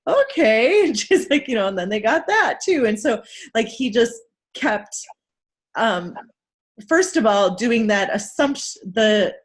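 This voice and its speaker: A woman hosting a casual recap chat, telling a story in an animated way and acting out the people in it. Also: a little high, unhurried. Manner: animated storytelling, acts out quoted people, laughs often.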